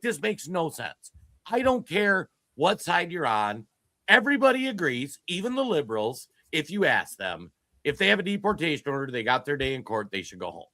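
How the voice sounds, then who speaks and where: A man co-hosting a political commentary podcast, talking in an animated, emphatic way with frequent restarts. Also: high-pitched, no room sound. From Minnesota. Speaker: podcast co-host. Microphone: streamed podcast mic.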